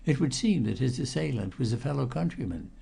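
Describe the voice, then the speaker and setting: A man reading the part of a suspicious, blunt police detective with a Highland accent in an audiobook. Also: lively intonation, a little fast, creaky, dark tone, breathy edge, heavily acted. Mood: probing. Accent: Scottish Highland. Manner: probing, blunt questioning. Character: big fair-haired Scottish police detective, suspicious.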